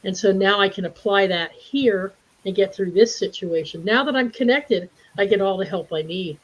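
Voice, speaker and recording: Lively laughing woman, lo-fi livestream sound. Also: mid-range voice, normal speed. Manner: animated, laughs often, acts out voices in stories. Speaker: spiritual group speaker. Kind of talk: casual storytelling in a group chat. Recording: dull lo-fi livestream audio.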